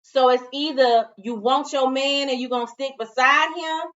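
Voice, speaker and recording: A woman's voice: high-pitched, steady tone, normal speed, fairly bright tone. A woman co-hosting a reality TV review, outspoken and casual as she retells scenes. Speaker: co-host of a reality TV review show. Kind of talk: casual chat. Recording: dull sound from a distance.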